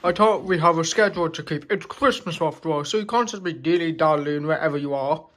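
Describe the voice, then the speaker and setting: A man's voice: on the high side, brisk, a bit bright, close to an everyday voice. A man voicing a bossy male railway controller who scolds an engine. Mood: scolding. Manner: scolding, insistent.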